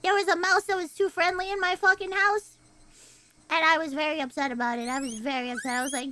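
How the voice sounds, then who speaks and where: A young woman streamer chatting casually to her viewers, rambling, swearing and laughing loudly and often. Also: very high-pitched, fairly even intonation, fast, slight background noise. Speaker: streamer and voice actor. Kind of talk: casual live-stream chat.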